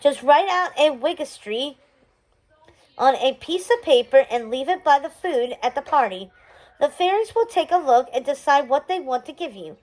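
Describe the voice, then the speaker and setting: A woman reading a gentle, wistful fairy. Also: sits high, animated, normal speed, low-quality recording.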